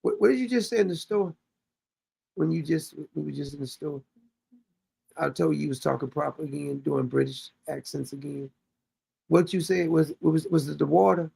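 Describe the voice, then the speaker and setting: Gravelly, husky man rambling. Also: a little high, normal speed, dark tone, no echo. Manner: rambling, loose, laughs often. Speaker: show host. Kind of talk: casual livestream chat.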